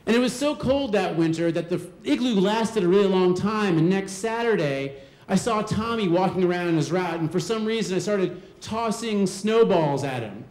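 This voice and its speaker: A man telling a personal story on stage, animated and acting out the voices of the people in it. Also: high-pitched, normal speed. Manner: animated, acts out quoted voices. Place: live storytelling show venue. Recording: roomy hall sound.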